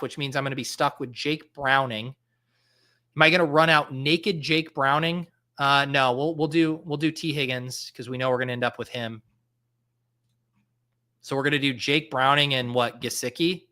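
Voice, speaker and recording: A male fantasy football podcast host in his thirties runs a live stream, chatting casually and working through thoughts aloud with frequent fillers and restarts. He speaks at a medium pitch with a bright, forceful tone.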